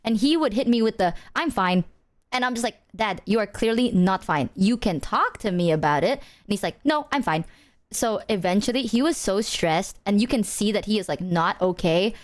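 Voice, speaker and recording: A woman's voice: medium pitch, brisk, hardly any pauses. A woman streamer chatting casually with her viewers, telling rambling stories and swearing freely.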